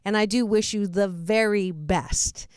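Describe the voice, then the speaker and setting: A woman's voice: mid-range voice, measured pace, a little mellow, smooth, no echo, clean studio sound. A middle-aged woman hosting a radio interview, chatty, laughing at herself and restarting sentences. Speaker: host.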